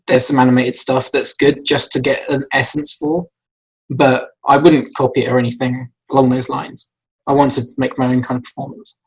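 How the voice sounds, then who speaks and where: Husky-voiced man explaining animation choices. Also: mid-range voice, low-quality recording. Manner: rambling, many fillers and restarts. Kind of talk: casual lesson talk.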